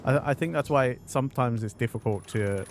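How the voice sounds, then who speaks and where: A man's voice: mid-range voice, normal speed, a little hiss or hum. A man from London with a mild, mixed British accent, chatting casually and swearing while streaming a game. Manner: chatty, swears often, rambling. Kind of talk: casual gaming commentary.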